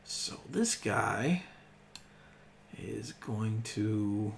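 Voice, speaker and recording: A man's voice: lowish voice, expressive, drawn-out words, gravelly, a little hiss or hum. A man narrating as game master of a tabletop game, casual and laughing often, thinking aloud as he counts up rolls.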